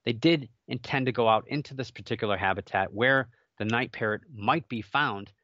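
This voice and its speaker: A man's voice: mid-range voice, normal speed, sharp tone, no room sound, dull audio. A man hosting a casual solo show, chatty and rambling with jokey asides and many fillers. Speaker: podcast host.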